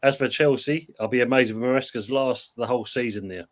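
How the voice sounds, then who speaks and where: A man hosting a relaxed football chat show, reading viewer comments aloud between stories. He rambles along in a loose, chatty way and laughs easily. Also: mid-range voice, a little fast. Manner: rambling storyteller, laughs often.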